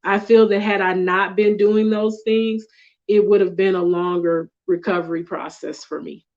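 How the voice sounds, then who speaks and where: A woman's voice: medium pitch, fairly even intonation, normal speed, a little mellow, muffled recording. A woman talking candidly in a casual group chat, laughing now and then. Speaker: guest.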